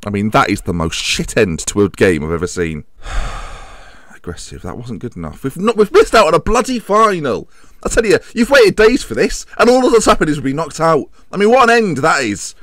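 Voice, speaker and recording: A man, a gaming YouTuber, commentating his own football management match at home in an excitable, self-mocking way, shouting at big moments. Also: a little high, brisk, no echo. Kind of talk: live game commentary. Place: home room with windows open.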